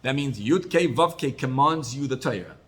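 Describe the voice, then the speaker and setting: A rabbi giving a Torah class, retelling stories with animated swings between loud and soft. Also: male voice, mid-range voice, normal speed. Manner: storytelling, animated rises and drops in loudness.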